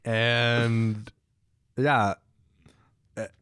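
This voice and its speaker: A man's voice: medium pitch, flat delivery, drawn-out words, fairly bright tone, clear, resonant tone, no echo, clean studio sound. A young man co-hosting a casual podcast, laid-back and laughing his way through a grim story. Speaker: podcast co-host. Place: podcast recording room.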